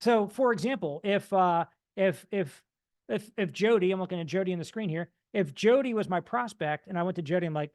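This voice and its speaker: Energetic motivational speaker man. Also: high voice, fairly quick. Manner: energetic, animated, mimics dull and excited voices. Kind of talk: motivational talk.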